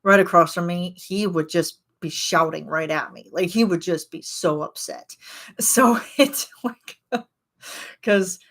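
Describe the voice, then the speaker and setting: Giggly rambling woman streamer, low voice. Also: slow pace. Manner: rambling, giggly, animated retelling. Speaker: streamer chatting with viewers. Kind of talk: casual chat.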